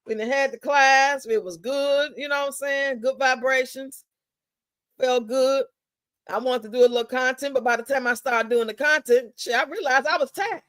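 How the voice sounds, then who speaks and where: A woman's voice: high voice, moderate pace, fairly bright tone, no echo. Blunt, profane woman live-streamer. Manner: blunt, profane, drawling and chatty. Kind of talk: casual live-stream gossip commentary.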